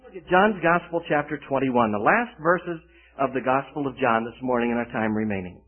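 A man's voice: medium pitch, fairly quick, slightly rough. A man preaching, telling a folksy personal story before reading scripture. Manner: folksy storytelling, acts out quoted voices. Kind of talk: sermon with personal anecdote. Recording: tinny phone-like band.

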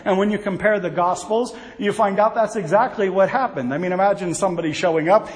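High-voiced preacher in an echoey hall. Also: male voice, fast, hardly any pauses. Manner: folksy, animated storytelling with asides. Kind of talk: sermon.

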